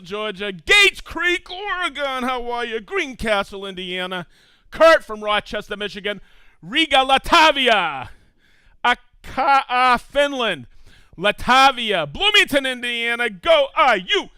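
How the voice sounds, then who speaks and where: A man's voice: very high voice, bright, forceful tone, clear, resonant tone, no echo. A man hosting a live stream, reading out viewers' hometowns with upbeat enthusiasm and frequent laughs. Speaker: livestream host.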